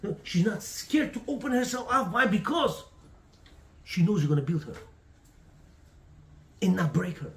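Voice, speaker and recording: A man's voice: high-pitched, big pitch swings, moderate pace, pauses often, fairly bright tone. A man teaching a class on marriage, preachy and emphatic, in broken English with lots of repetition. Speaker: religious teacher. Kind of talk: Torah class talk on marriage.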